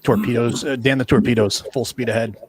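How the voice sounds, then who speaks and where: A man's voice: mid-range voice, fairly even intonation, a little fast, a little hiss or hum. A man casually chatting and cracking jokes while he plays a board wargame. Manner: joking and wisecracking. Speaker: board game player, co-host. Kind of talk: casual chat over a wargame.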